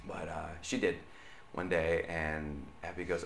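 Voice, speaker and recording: A man's voice: sits low, level tone, measured pace, vocal fry, reverberant, a little hiss or hum. A man, a pastor, giving a chatty sermon full of stories, often checking in with the congregation by asking "right?". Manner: chatty, checks in with the crowd with tag questions. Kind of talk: conversational sermon storytelling. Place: church.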